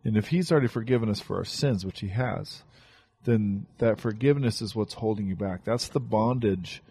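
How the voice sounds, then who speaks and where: Husky low-voiced man hosting a podcast. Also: a little fast, dry recording. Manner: reflective, gently preachy. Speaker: podcast host. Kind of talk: casual chat.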